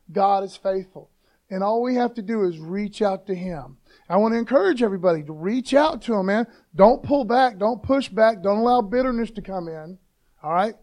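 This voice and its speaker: Guy preaching a laid-back sermon, high voice, keeps saying man, gets loud on the scripture parts. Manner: conversational preaching, slangy, calls listeners "man"; rises to loud emphatic reading of scripture. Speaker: pastor.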